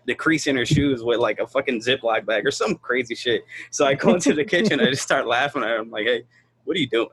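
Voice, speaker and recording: A man talking bluntly and profanely in a casual podcast chat, telling animated stories about his kids. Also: medium pitch, fast talker, hardly any pauses, husky, dry recording.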